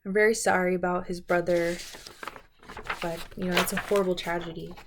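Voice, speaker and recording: A woman's voice: on the low side, little pitch movement, a little fast, noisy background. A young woman chatting casually and playfully about reality TV contestants in a vlog. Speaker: beauty and reality TV vlogger.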